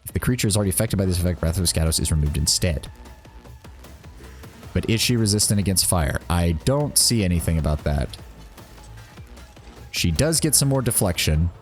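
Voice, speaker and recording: A man streaming a game live, casually thinking aloud and reacting with surprise as he plays. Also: low voice. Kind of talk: live gameplay commentary.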